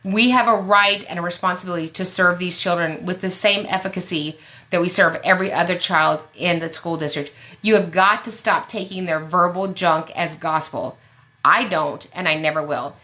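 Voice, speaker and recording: Brief: lower-pitched woman advocate, punchy and bright-toned, blunt and sassy when giving advice. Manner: emphatic, blunt and sassy, with quick jokes. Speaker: special education advocate. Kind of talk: fiery advice on a live Q&A show.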